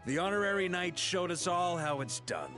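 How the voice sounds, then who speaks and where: A man's voice: sits high, animated, normal speed. An actor playing a gallant adult male knight commander in a video game, earnest and formal. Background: game music.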